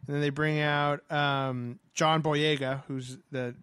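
Man, casual storyteller, higher voice, animated and gushing, dry close sound. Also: clear, resonant tone, no echo. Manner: animated, fast with many fillers and restarts.

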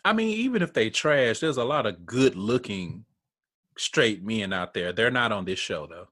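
A man's voice: fairly low pitch, moderate pace, no echo, studio quality. Blunt, laughing man recapping a show. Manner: blunt, profane, laughs often, animated retellings. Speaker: podcast co-host. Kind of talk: casual reality-TV recap chat.

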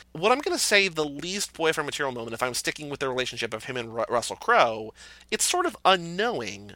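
Animated man hosting a movie podcast. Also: mid-range voice, no room sound. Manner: animated, acts out scenes in quoted voices. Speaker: podcast host. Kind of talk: casual movie podcast chat.

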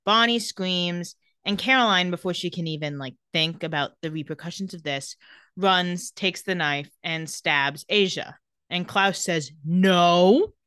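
A woman's voice: fairly low pitch, a little slow, bright, forceful tone, smooth, dry recording. A young woman co-hosting a casual chat, retelling TV scenes and quoting the characters. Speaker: podcast co-host recapping a TV episode.

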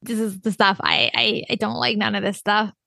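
A woman's voice: medium pitch, steady tone, moderate pace, creaky, sharp tone, dry recording. A young woman co-hosting a podcast in casual chat, laughing often and restarting her sentences. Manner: chatty, laughs often, many fillers and restarts. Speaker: podcast co-host.

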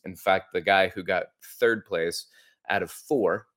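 Speaking a little slowly in a low-pitched, slightly bright voice, a middle-aged man hosts a podcast. His talk mixes personal story and coaching, delivered in an earnest, reflective way with frequent restarts.

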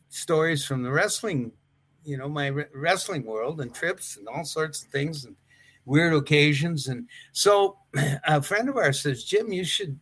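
A man's voice: mid-range voice, a bit bright. An older man, a retired wrestler, telling rambling stories in a casual interview. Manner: rambling, with restarts and chuckles. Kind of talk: casual anecdotal storytelling.

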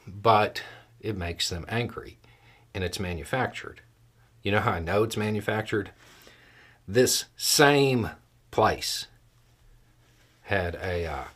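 A man's voice: lowish voice, fairly bright tone. A man hosting a solo political commentary show, talking in a conversational, dry way with emphatic stresses.

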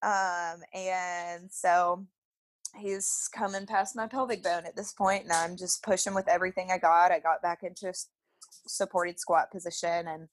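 A woman's voice: fairly low pitch, flat delivery, normal speed, no room sound. Chatty woman, dry close sound. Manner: chatty, peppered with "like", laughs often. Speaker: podcast guest. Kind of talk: casual storytelling.

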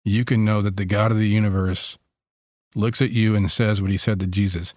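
A man leading a guided Christian meditation, speaking softly and slowly with long pauses between phrases. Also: lowish voice, level tone, dry recording, clean studio sound.

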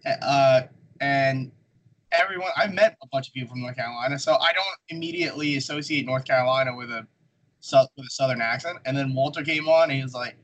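A man hosts a casual podcast with a middle-pitched voice. He talks in halting, filler-laden bursts and likes to joke. A faint background hiss sits under the recording. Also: a bit bright, lo-fi sound. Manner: filler-heavy, hesitant, joking. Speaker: podcast host.

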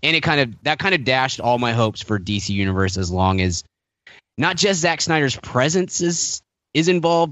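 A man's voice: lowish voice, a bit bright, no room sound, dull audio. A man co-hosting a podcast in casual chat, wry, laughing often, rambling with restarts. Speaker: podcast co-host.

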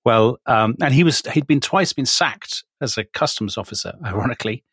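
Male podcast host: brisk, wry, mid-pitched, dry close mic. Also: lively intonation, a bit bright, slightly rough, no echo. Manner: brisk, wry, hedging asides. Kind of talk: conversational podcast hosting.

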